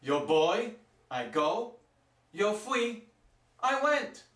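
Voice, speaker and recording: Male teacher, high voice, slow and deliberate, recorded from a distance in a roomy space. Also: very animated, a bit bright. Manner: plain, repeats and stresses forms slowly. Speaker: Spanish teacher. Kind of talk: classroom grammar lesson. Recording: echoey room, mic at a distance.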